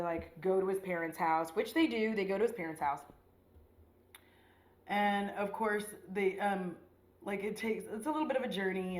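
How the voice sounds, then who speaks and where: A woman with a fairly low voice rambles through a casual makeup chat, full of slang, swearing and filler "likes." The room around her is echoey and bare. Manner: rambling, slangy and profane, with frequent "like". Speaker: beauty vlogger.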